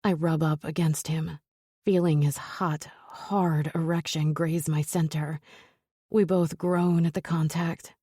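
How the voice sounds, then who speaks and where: Low, breathy woman narrating romance. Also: little pitch movement, takes it slowly, dark tone, no room sound, clean studio sound. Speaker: audiobook narrator. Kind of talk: scripted first-person romance narration.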